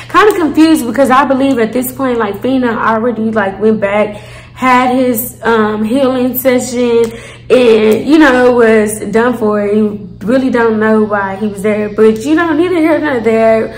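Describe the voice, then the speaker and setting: A woman tells a storytime to her viewers in a chatty, slangy way, full of fillers and asides. Her voice sits a little high. The room has a noticeable echo. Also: measured pace. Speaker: storyteller, channel host. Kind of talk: casual storytime vlog.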